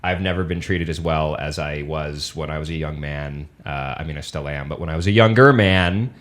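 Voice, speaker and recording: A man hosting an interview, speaking in a relaxed, casual way and affirming his guest often. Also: a bass voice, moderate pace. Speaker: interview host.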